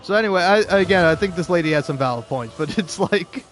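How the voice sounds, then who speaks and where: This gaming creator talks with a fairly high, animated voice at a quick pace. He rambles through casual, sarcastic, profane commentary, restarting often and laughing between his points.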